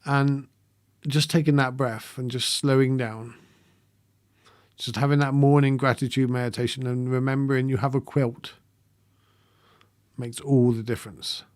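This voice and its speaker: A man hosting a meditation livestream, talking softly and hesitantly with frequent pauses, reading out viewer comments as he goes. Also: mid-range voice, little pitch movement, dry recording, studio quality. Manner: soft-spoken, halting, with frequent ums and gentle laughs. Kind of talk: live-streamed reflective talk, reading viewer comments.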